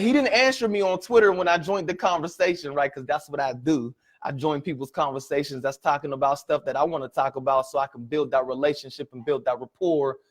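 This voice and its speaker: Animated motivational speaker man, high-set voice. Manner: animated storytelling, repeated "right?" and "ladies and gentlemen". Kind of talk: presentation to an audience.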